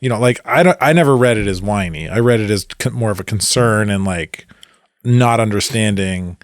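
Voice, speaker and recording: Measured man co-hosting a review. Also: fairly low pitch, dry recording, clean studio sound. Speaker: podcast co-host. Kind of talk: casual film review chat.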